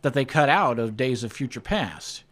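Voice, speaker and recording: A man co-hosting a podcast, chatting casually in an animated, argumentative way. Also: mid-range voice. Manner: animated, argumentative, quick to laugh. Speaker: podcast co-host. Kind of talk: casual chat.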